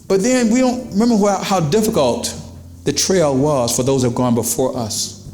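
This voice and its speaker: This pastor's voice is high, a little mellow and reverberant as he preaches a sermon in a church sanctuary. He keeps it conversational, asking the congregation questions and voicing quotes.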